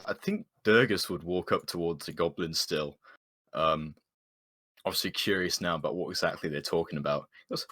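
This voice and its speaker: A man playing a tabletop game, describing his character's actions in a halting way. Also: low-pitched, pushed and bright. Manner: halting, many fillers. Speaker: player.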